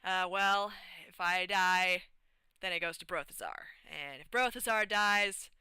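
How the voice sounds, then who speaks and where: A woman's voice: lowish voice, unhurried, sharp tone, smooth, dry recording. A woman voicing an earnest male paladin from a tabletop game, reasoning aloud in a matter-of-fact way.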